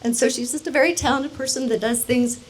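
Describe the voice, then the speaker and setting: Woman, slightly high voice, playful, chatty, wedding gift speech, handheld mic, faint noise. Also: steady tone, quick pace, rough recording. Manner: playful and chatty, laughing along. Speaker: wedding guest presenting gifts. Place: wedding reception hall. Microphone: handheld microphone.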